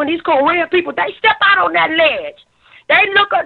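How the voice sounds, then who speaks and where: A woman's voice: very high voice, animated, moderate pace, creaky. A woman in her fifties giving emphatic, emotional social commentary, repeating words as she presses her points. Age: 50s. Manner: emphatic, preachy, repeats words when stirred. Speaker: talk show commentator. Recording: tinny phone-like line.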